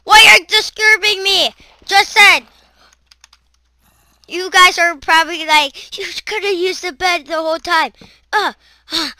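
High, sharp-voiced woman shrieking through gameplay. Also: fairly even intonation, a little slow, long pauses, no room sound. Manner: shrieks and screams at monsters, chatters to herself. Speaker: gaming channel host. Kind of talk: let's-play commentary.

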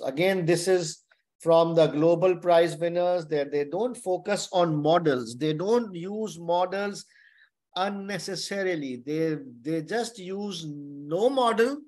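A man tutoring exam candidates in an online webinar lecture. He repeats his key points and keeps checking in with "okay?". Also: high voice. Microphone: webinar microphone.

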